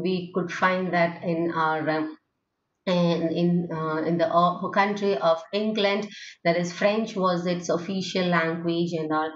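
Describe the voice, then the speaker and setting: A woman teaching English phonetics in a recorded lecture, talking in a hesitant way with many fillers and restarts and checking in with "okay?". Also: on the low side. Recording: dull, lo-fi, roomy recording.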